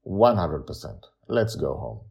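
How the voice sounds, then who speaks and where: A man voicing a protective, caring father in an audio story, with a low voice and lively intonation. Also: a little slow, vocal fry, exaggerated voice. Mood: reassuring. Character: protective worried father in his prime.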